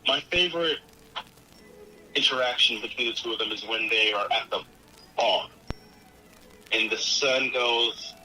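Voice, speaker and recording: A man co-hosting a podcast, chatting casually about a film in a rambling, halting way and acting out movie lines. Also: medium pitch, sharp tone, faint music behind, rough recording. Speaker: podcast co-host.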